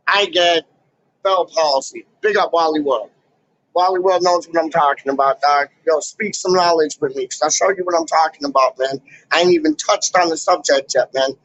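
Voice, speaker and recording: A man ranting casually to camera in a vlog, full of slang and loud asides. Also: high voice, dry recording, rough recording. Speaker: YouTuber. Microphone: camera mic.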